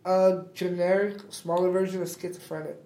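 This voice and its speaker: A young man with a deep, raspy voice from smoking, talking casually in an interview, halting and repeating himself with lots of "like". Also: flat delivery, mellow. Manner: halting, repeats words, says "like" often. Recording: roomy echo.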